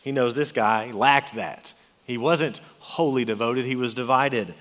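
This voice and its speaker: A man preaching a sermon in an earnest, emphatic way, reading scripture and then explaining it. His voice sits at a middle pitch. A long reverb trails each phrase, as in a large hall. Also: a little slow, a bit bright.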